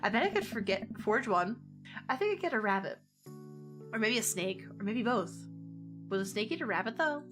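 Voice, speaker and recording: Roześmiana kobieta komentująca grę. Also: female voice, fairly high pitch, very animated, moderate pace, pauses often. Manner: chatty and joking, laughs often. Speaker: gamer playing a dating sim. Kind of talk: let's play commentary, reading dialogue aloud. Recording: music playing behind the voice.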